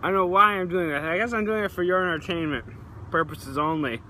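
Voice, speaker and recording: A man's voice: sits high, fast, bright, forceful tone, slight background noise. A male vlogger eating raw onion outdoors, gagging and groaning, his mouth burning, teary and sweating. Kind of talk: casual vlog. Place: outdoors in hot weather.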